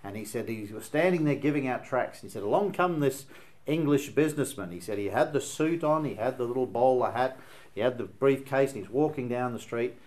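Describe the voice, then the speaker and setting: A man's voice: medium pitch, expressive, fairly quick, a little mellow. A man with a Northern Irish accent preaching a sermon in an earnest, emphatic way, weaving in stories as he goes.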